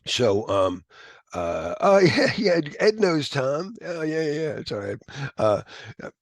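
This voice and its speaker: A man teaching a live class, talking in a rambling, animated way with quick whispered asides. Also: on the high side, gravelly, no room sound. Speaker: instructor.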